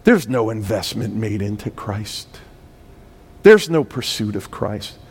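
A man preaching a sermon as pastor, swelling from quiet, emphatic points into loud, urgent appeals. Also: on the low side, big pitch swings, slightly rough. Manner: preaching with sudden swells of volume and emphatic slowdowns.

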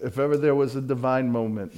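A middle-aged man preaching a sermon, swinging from loud fervent peaks down to low, quiet storytelling. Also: fairly even intonation, fast talker.

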